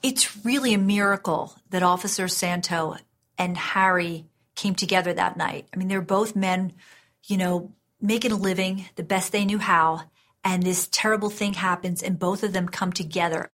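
A woman's voice: fairly low pitch, fairly even intonation, moderate pace, fairly bright tone. A woman crime writer being interviewed, who retells events in an earnest, conversational way. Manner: earnest, storytelling with fillers. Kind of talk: interview commentary.

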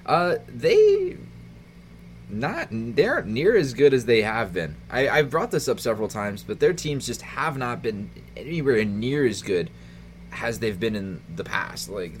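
A man, the fantasy league commissioner on a casual podcast, chatty and quick to laugh as he runs through the standings. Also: medium pitch, slight background noise.

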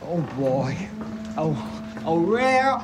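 A man's voice: fairly high pitch, sing-song, extremely slow, background noise, full character voice. A young man imitating a drunk young sailor raving in a slurred, leering way.

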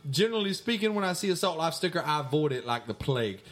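A man's voice: fairly high pitch, big pitch swings, quick pace, fairly bright tone. A man playing a brash mailbag persona, answering fan questions in a rambling, mock-indignant way on a comedy podcast. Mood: swaggering. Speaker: podcast co-host. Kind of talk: comic mailbag segment.

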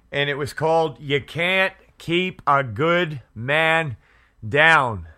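A man hosting a Christian radio talk show, speaking fervently and haltingly, with many restarts and fillers. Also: fairly high pitch, sharp tone. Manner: fervent, prays aloud. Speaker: Christian internet radio host. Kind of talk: casual faith talk show. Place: Edmonton area.

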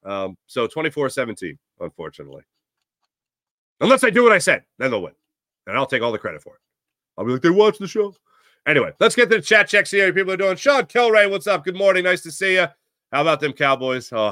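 A man hosting a sports talk stream, casually reading out viewer comments with sarcastic, animated asides. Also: on the high side, quick pace, dry recording, clean studio sound. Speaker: sports talk show host.

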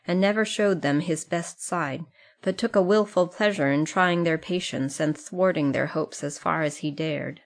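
Woman reading an audiobook, low and calm. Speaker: audiobook reader. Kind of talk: scripted narration.

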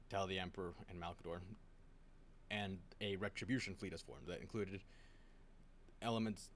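Man, lowish voice with a forceful edge, casual rambling storyteller. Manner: rambling retelling with acted quotes and restarts. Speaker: lore explainer.

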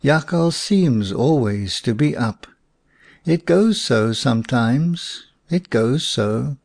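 A man voicing a gentle, sly old storyteller who drawls, with Afrikaans words mixed in. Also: mid-range voice, very animated, slow, gravelly, full character voice. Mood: sober.

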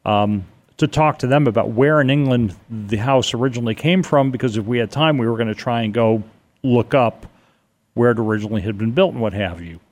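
A man's voice: mid-range voice, fairly quick. Rambling older man telling a story. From Connecticut, USA. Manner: rambling, animated storyteller with frequent restarts. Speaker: guest telling a ghost story. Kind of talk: casual storytelling on radio.

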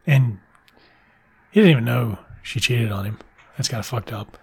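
Husky man cursing through a rambling recap. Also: medium pitch, expressive, normal speed, darkish tone. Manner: rambling, profane, wisecracking. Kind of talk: casual film recap.

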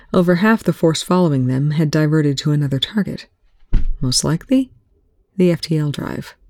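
A reader narrates fan fiction aloud in a steady, even way. The voice sits in a middle pitch with a gravelly edge, recorded close and dry. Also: no echo. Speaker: audiobook reader.

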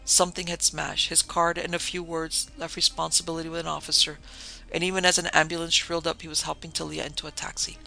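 A man reading a novel aloud as a steady, measured audiobook narrator. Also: fairly high pitch, vocal fry, soft background music, low-quality recording. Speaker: audiobook reader. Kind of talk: scripted narration.

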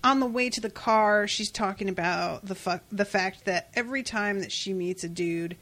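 A woman co-hosting a casual podcast chat about comics, animated and laughing often as she retells scenes. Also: medium pitch, normal speed. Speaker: podcast co-host.

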